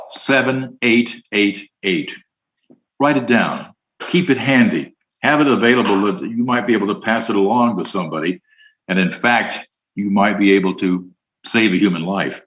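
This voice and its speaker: Man, conference speech, folksy, slow deliberate delivery. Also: lowish voice, a bit bright, rough recording. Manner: folksy, plays both sides of an imagined dialogue; reads the hotline number slowly and deliberately. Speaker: award recipient giving acceptance speech.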